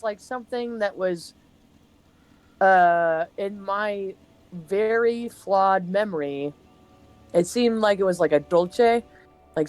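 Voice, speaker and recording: A woman's voice: mid-range voice, darkish tone. Tentative woman guest in casual chat. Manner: tentative, self-deprecating. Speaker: stream guest.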